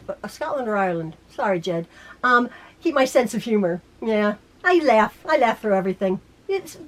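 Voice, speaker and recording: A middle-aged woman in back pain, chatting casually to her quilting viewers in a rambling way with many restarts. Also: on the high side. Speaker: quilting YouTuber. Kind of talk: casual chat to camera. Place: home sewing room.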